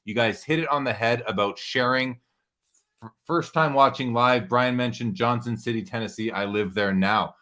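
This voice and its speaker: A man's voice: mid-range voice, normal speed, bright, forceful tone. A man hosting a live sports card show, talking earnestly and reflectively with his guest and reading viewer comments.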